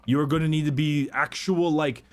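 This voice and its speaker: A man co-hosting a casual podcast-style video, explaining lore in a relaxed, chatty way full of "like". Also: on the high side, brisk.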